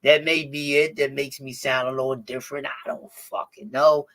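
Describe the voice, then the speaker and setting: A man from Philadelphia chats casually as an interview guest, his voice carrying a slight lisp and a little rasp. He talks in a relaxed way, with plenty of fillers and a lot of swearing, and his pitch sits in an ordinary middle range. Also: moderate pace. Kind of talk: casual chat.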